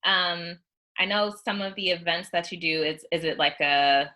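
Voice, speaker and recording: A woman's voice: lowish voice, moderate pace, sharp tone. A woman interviewing a guest in a casual, encouraging way, chatty with many likes and fillers.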